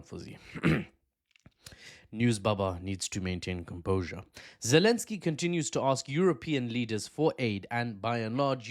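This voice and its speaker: A male host delivers opinionated geopolitical commentary. His pitch swings widely and his delivery is animated. He breaks off now and then for self-mocking asides.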